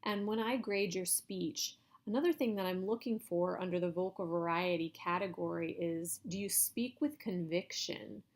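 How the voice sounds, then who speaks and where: Woman instructor, slightly low voice, patient explanatory lecture delivery. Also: normal speed, hardly any pauses. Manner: explanatory, even teaching tone with some hedging. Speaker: college instructor. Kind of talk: recorded video lecture.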